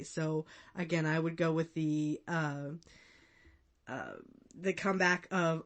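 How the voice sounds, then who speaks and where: Woman podcast host, thirties, low-ish voice, bright and forceful tone, chatty, laughs often. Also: fairly even intonation, slow pace. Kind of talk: casual commentary.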